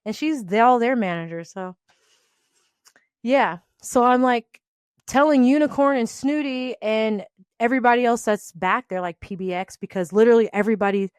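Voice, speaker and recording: Loud, animated woman telling a work story. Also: fairly high pitch, normal speed, smooth, no echo, studio quality. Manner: loud, animated, acts out quoted voices. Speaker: podcast host. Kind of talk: casual storytelling rant.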